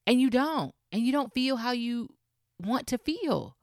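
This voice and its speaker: A woman's voice: fairly high pitch, animated, moderate pace, dry recording, clean studio sound. A young woman hosting a solo podcast, talking casually and emphatically as she encourages her listeners. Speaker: podcast host.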